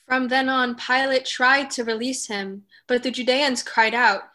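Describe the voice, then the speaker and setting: Woman narrating scripture, bright forceful voice, clear and measured. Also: high voice, fairly even intonation.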